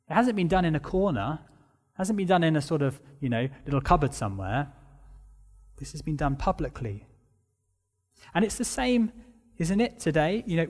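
A man's voice: fairly high pitch, darkish tone, long reverb tail. A man preaching a sermon, earnestly stressing key words and repeating phrases for emphasis. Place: church.

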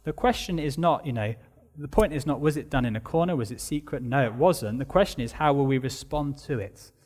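A man's voice: medium pitch, a little fast, a little mellow, long reverb tail. A man preaching a sermon, earnestly stressing key words and repeating phrases for emphasis. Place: church.

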